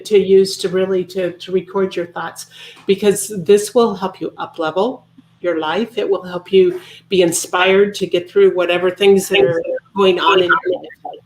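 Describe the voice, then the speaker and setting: A woman, a publisher guest, speaking in an earnest, measured way in casual chat. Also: lowish voice, a little mellow. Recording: echoey room.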